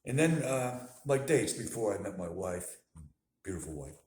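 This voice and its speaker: A low-voiced man talks through a casual video diary, rambling with fillers and self-corrections. He is self-deprecating and chuckles at his own stories. The sound has a roomy echo. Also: big pitch swings, normal speed, a little mellow. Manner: self-deprecating, laughs at himself. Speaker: vlogger sharing his life with bipolar disorder.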